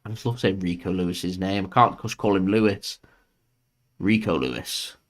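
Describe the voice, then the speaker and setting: This young man has a deep voice, fairly even intonation, and a brisk delivery. Hosting a live football watchalong as a fan channel commentator, he chats casually, cracks jokes, laughs frequently, and swears while tracking the match.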